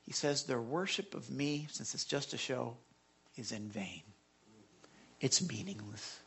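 A male pastor preaching a sermon to his congregation, asking them direct questions and dropping to a hush when he reads scripture. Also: mid-range voice, lively intonation, a little slow, gravelly, a little hiss or hum. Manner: emphatic, swings between loud appeals and hushed scripture readings. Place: church sanctuary.

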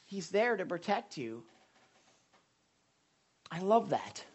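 A man's voice: high-pitched, very animated, slow, slightly rough. A male pastor preaching in a loose, conversational way, full of stories, fillers and restarts. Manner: rambling, anecdotal, many fillers and restarts. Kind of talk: conversational sermon.

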